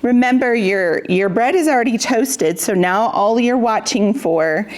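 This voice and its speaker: A woman's voice: on the high side, expressive, measured pace, a little mellow. A woman co-hosting a show, walking through a simple recipe and talking about books in an easygoing way, laughing often. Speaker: co-host and executive producer. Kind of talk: casual cooking and book chat.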